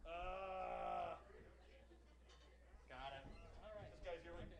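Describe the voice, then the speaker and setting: A man with a slightly high voice sings folk ballads and jokes with the room between numbers. He teases himself and keeps it light, his talk quick and loose. It was recorded live in a small bookstore. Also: creaky, crowd noise. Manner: joking, self-mocking between songs. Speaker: singer-guitarist. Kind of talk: live folk set with banter.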